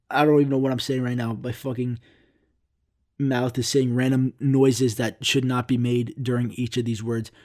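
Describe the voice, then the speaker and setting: Young guy ranting solo on his podcast, rambly and sweary, pokes fun at himself, middle-pitched voice. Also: little pitch movement, a little slow, pauses often, darkish tone. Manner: rambling, profane, self-mocking. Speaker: podcast host. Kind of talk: casual solo rant.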